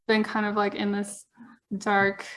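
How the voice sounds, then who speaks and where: A woman's voice: mid-range voice, monotone, a little slow, a bit bright. A woman chatting casually as a podcast guest, earnest and rambling, with lots of fillers. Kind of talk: casual chat.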